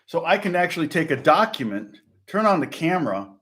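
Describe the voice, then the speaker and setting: A man's voice: a little high, very animated, brisk, a bit bright, slight background noise. A middle-aged man from Indiana, a guitar teacher rambling through a casual lesson chat, chuckling and restarting often. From Indiana, USA.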